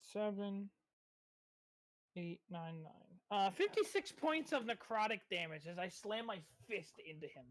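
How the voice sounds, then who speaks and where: A man playing a tabletop game, excitable, laughing often and swearing casually. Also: sits high, a little slow. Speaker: player.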